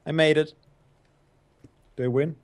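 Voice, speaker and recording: A man's voice: a little high, steady tone, measured pace. A man chatting casually with friends while playing a game, laughing often and joking around. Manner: giggly, playful. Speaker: gamer friend. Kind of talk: casual gaming chat.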